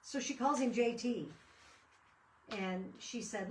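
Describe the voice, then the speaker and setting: A woman's voice: on the high side, takes it slowly, slight background noise. A woman hosting a casual craft video, chatting and rambling through stories as she works. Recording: echoey room, mic at a distance.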